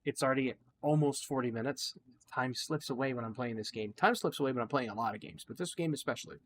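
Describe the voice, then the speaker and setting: A man with a mid-pitched voice rambles thoughtfully while playing a game, sharing opinions in a loose, reflective way. Faint background noise sits under his voice. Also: quick pace. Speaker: gaming channel host. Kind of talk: casual gameplay commentary with musings.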